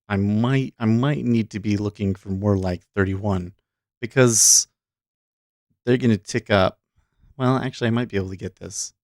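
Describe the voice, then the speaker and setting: A man hosting a day trading livestream, thinking aloud in halting, self-interrupting remarks as he watches the market. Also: lowish voice, a little mellow, no echo, studio quality.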